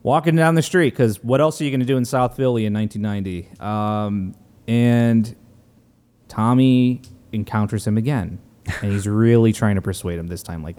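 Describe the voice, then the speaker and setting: A man's voice: on the low side, moderate pace, a little mellow. A man co-hosting a casual podcast, recapping movie scenes with frequent laughs and fillers. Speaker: podcast co-host.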